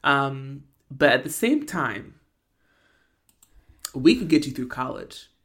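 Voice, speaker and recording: A woman's voice: a bass voice, sing-song, slow pace. A woman in her thirties co-hosting a podcast, chatting casually with laughing, exaggerated retellings. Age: 30s. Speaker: podcast co-host. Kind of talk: casual rewatch chat.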